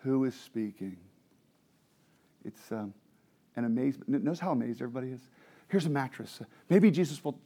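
A man preaching a sermon as pastor, moving between soft, confiding asides and loud, fervent preaching, often asking the congregation questions. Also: medium pitch, animated, brisk, long pauses, slightly rough. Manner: swings from quiet, intimate asides to loud, impassioned preaching.

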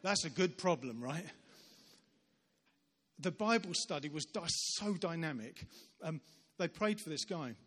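A man giving a sermon as a visiting preacher, telling stories in an animated way and acting out the voices of the people in them. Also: a little high, measured pace. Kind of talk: sermon storytelling. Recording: long reverb of a large church hall.

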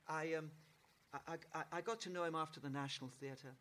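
A middle-aged actor telling anecdotes in an interview, in a lively raconteur's manner with halting restarts. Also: male voice, fairly high pitch, slight background noise. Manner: animated raconteur, mimics voices, halting restarts. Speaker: actor guest.

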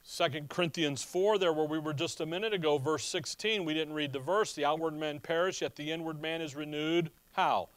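A man with a high voice delivers a teaching sermon in a casual, conversational way. He often pauses to ask the congregation rhetorical questions. The recording is dry and close, with no room echo. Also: a bit bright. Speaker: pastor. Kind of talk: expository sermon.

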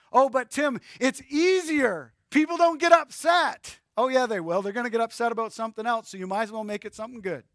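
A man's voice: sits high, a bit bright, dry recording, studio quality. A male pastor preaching a sermon with emphasis and addressing his listeners directly.

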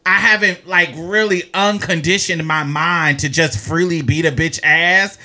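A young man telling a story in casual chat, animated and profane, with loud exclamations. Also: on the high side, measured pace.

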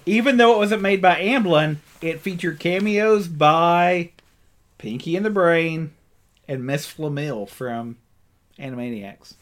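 A man's voice: on the high side, unhurried. A man co-hosting a casual podcast, recapping an old cartoon with lots of ums and restarts. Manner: rambling, many ums and restarts, laughs often. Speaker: podcast co-host.

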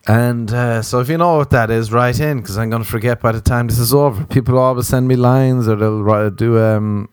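A young Irish man hosting a podcast, rambling through a comic, self-mocking monologue and sliding into high mock voices. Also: fairly even intonation, a little fast, a little mellow, smooth, no echo. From Ireland. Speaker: podcast host. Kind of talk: casual comedic monologue.

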